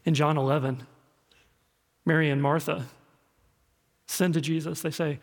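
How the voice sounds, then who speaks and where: Gravelly preacher in echoey church. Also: male voice, fairly high pitch, fairly even intonation, a little slow, pauses often. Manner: storytelling, conversational, repeats words. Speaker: pastor. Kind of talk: sermon. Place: church sanctuary. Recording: echoey hall reverb.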